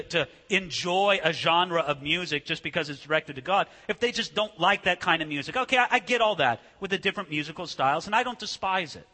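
Man, pastor, sermon, high bright voice, conversational, rhetorical questions, reverberant church hall.

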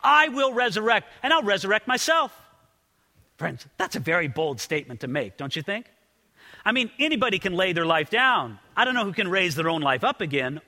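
A man preaches in a church sanctuary, his voice pitched high and bright. He talks earnestly and often trips over his first words. The sound carries a long hall reverb. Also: sing-song, fairly quick. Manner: earnest, repeats words when starting sentences. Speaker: pastor. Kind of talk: sermon.

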